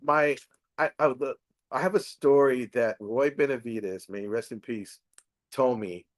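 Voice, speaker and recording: A man's voice: mid-range voice, a little slow. A middle-aged man from Texas, a comedian hosting a casual chat, telling family stories with laughs and acted-out quotes. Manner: animated, laughing, acts out quoted voices. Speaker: comedian host.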